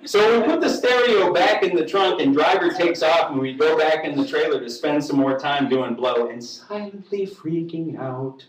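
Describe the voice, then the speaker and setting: Animated man telling a comic story live. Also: fairly high pitch, measured pace. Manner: animated, wry and profane, acts out voices. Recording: echoey room, distant mic, faint noise.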